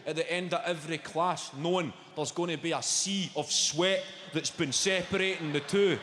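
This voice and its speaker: A Scottish man in his thirties tells sweary, brash stand-up stories in a fairly high voice. He's on a handheld mic on a large theatre stage, and the sound carries a long hall reverb and steady crowd ambience. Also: moderate pace, a little hiss or hum. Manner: brash, sweary, animated storytelling. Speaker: stand-up comedian. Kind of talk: stand-up routine. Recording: echoey live hall with audience.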